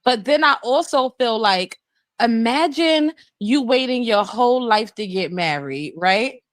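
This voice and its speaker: A woman holds court on a livestream, pitched a touch high and recorded dry and close. She's blunt and profane, tearing into the people she gossips about. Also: measured pace, no echo. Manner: blunt, profane, animated commentary. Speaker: livestream co-host. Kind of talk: casual livestream gossip chat.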